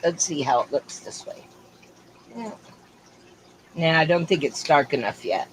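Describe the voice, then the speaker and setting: A woman's voice: sits low, lively intonation, a little slow, slight background noise, low-quality recording. A middle-aged woman hosting a casual livestream from home, chatting in a rambling way and drifting from topic to topic. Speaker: livestream host. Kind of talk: casual chat.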